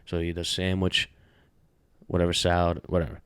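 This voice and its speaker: A man's voice: low-pitched, completely flat delivery, normal speed, fairly bright tone, smooth, no echo, studio quality. A young man co-hosting a podcast, chatting casually, rambling with lots of filler words and swearing. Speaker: podcast co-host. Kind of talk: casual chat.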